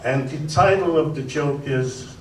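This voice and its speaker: Deadpan stand-up comedian in an echoey club. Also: male voice, on the high side, measured pace, heavy background noise. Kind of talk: stand-up routine. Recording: echoey club recording from a distance.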